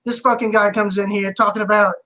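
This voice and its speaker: A game master voicing an angry, foul-mouthed male bartender who shouts and complains frantically. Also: medium pitch, flat delivery, a little fast, close to an everyday voice, rough recording. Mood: aggrieved.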